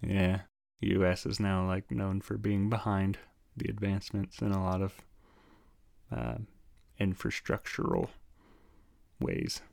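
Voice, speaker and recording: A man co-hosting a casual history podcast, trading deadpan jokes and wry asides. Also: sits low, measured pace, vocal fry, pauses often, no echo, studio quality. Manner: deadpan joking banter. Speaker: podcast co-host.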